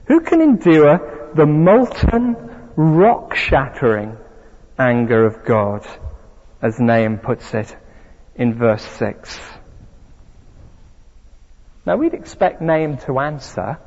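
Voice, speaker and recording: A man's voice: fairly high pitch, darkish tone, slightly rough. A man preaching a sermon, speaking emphatically and asking rhetorical questions. The recording is dull with a long hall reverb.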